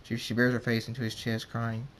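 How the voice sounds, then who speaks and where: A man's voice: mid-range voice, completely flat delivery, quick pace, fairly bright tone. A man reading a fan story aloud, often stumbling and repeating words.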